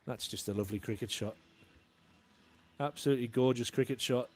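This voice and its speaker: A man giving live cricket commentary and analysis in a relaxed way, warm in praise of good shots. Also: mid-range voice, fairly quick.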